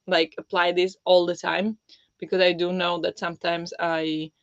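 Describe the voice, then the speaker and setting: A streamer chatting casually at home, keeping the voice low and soft because of a sore, swollen throat. The sound is dry and a little muffled, and the voice sits at a middling pitch. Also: flat delivery, normal speed, no echo. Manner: talking softly with a held-back, lowered voice. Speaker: livestream host. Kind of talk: casual chat with viewers.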